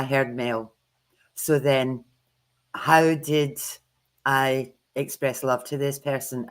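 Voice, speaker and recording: A woman co-hosts a tarot livestream in a chatty, candid way, quick to poke fun at herself. Her voice is low for a woman. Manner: candid, self-deprecating, chatty. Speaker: tarot reader co-host. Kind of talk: livestream teaching chat.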